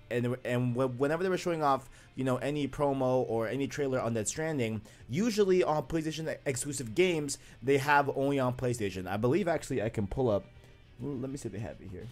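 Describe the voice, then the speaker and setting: Chatty, rambling male gaming host. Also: mid-range voice. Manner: rambling, chatty, many fillers and restarts. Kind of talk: casual video commentary.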